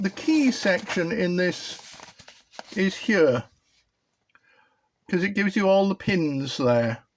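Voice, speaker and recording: A man's voice: high voice, a bit bright. A British man hosting his own hobby electronics video, giving a casual show-and-tell that rambles and hesitates with frequent ums and restarts.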